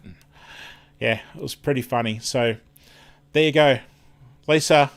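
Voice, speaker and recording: A man's voice: medium pitch, fairly even intonation, measured pace, long pauses, clean tone. An Australian man hosting a live stream in casual chat, rambling and chatty, often losing his words and starting over.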